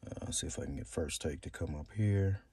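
This car audio reviewer has a dark, husky bass voice and talks a little fast. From inside his car he shows off a stereo in a casual, rambling way, full of hesitations and fillers.

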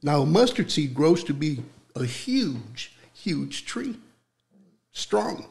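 A young man preaching with fervor in an interview, repeating words as he builds, then dropping to a hushed voice for prayer. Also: fairly high pitch, very animated, slow, gravelly.

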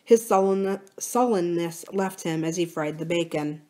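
A woman hosting a library reading series, reading a novel aloud in a steady, plain manner. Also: on the low side, a little slow. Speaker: library read-aloud host.

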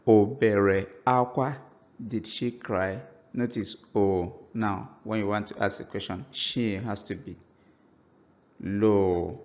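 Slow, low-voiced man teaching a language. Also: steady tone, darkish tone, dull audio. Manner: slow, patient explanations, spelling out example phrases. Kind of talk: language lesson.

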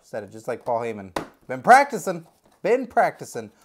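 A man's voice: medium pitch, wildly swooping pitch, normal speed, a little hiss or hum. A man hosting a comedic unboxing video, talking in a goofy, jokey, rambling way. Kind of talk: casual comedic unboxing chat.

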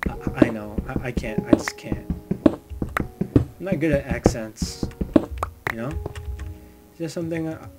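A man's voice: medium pitch, a little slow, pauses often, very noisy. A man giving rambling, jokey let's-play commentary, chatting to the animals in his game. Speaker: gamer. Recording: loud music under the voice. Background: loud music.

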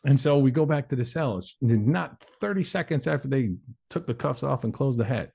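A man's voice: medium pitch, lively intonation, moderate pace, gravelly, mellow, breathy edge. A man in his forties, a guest on an interview show, telling his life story candidly and acting out other people's voices. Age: 40s. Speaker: guest, motivational speaker.

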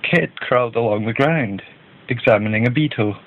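A man's voice: mid-range voice, moderate pace. Man reading a storybook over a tinny line. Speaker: narrator. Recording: tinny phone-like band.

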